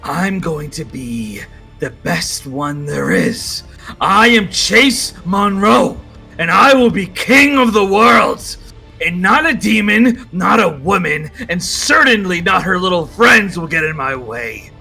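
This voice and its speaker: A man playing an arrogant, power-hungry young male villain who boasts and rises to a shout. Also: high voice, animated, slow pace, gravelly, husky, soft background music, exaggerated voice. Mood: gloating. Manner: gloating, boastful, rising to a shout.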